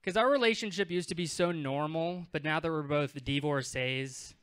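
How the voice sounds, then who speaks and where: A man's voice: fairly high pitch, normal speed, a bit bright, clear, resonant tone. A man in his twenties performing stand-up at a comedy club, conversational and self-deprecating, acting out bits of dialogue. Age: 20s.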